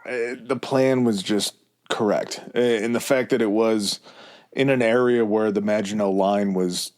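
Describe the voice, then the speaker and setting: A man's voice: lowish voice, steady tone, unhurried, darkish tone. A man co-hosting a history podcast, reading off dates and numbers in casual chat with crude jokes and frequent laughter. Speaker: podcast co-host.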